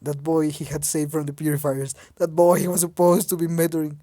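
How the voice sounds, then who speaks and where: A woman's voice: deep voice, little pitch movement, a little fast, mellow, dry recording. A woman reading a fan story aloud in a casual way. She stumbles over words and breaks off to mock her own reading. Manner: stumbling, laughing, self-mocking. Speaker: fanfic reader.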